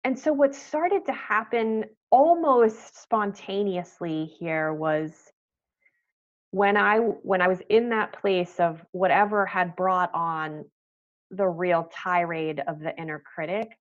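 A woman guest on a podcast interview, speaking softly and thoughtfully with pauses and restarts. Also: on the low side, highs cut off. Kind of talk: podcast interview, reflective storytelling.

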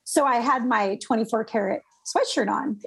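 Devotional author, woman, lively storyteller, high gravelly voice. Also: moderate pace, rough recording. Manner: animated, laughing, acts out voices in stories. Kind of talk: casual storytelling.

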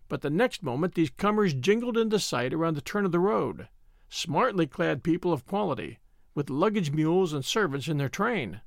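A man's voice: fairly high pitch, lively intonation, normal speed, creaky, dry recording, clean studio sound. A man narrating an audiobook with wry, dryly humorous storytelling. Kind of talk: scripted narration.

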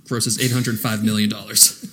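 A man's voice: lowish voice, level tone, normal speed, a bit bright, breathy edge. A man co-hosting a casual movie podcast, recapping the plot with dry jokes. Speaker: podcast co-host. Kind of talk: casual movie-review chat.

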